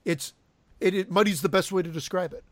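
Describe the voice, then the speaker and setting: A man's voice: sits high, a little fast, dry recording. A man co-hosting a casual film review podcast, talking thoughtfully and searching for words. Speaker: podcast co-host.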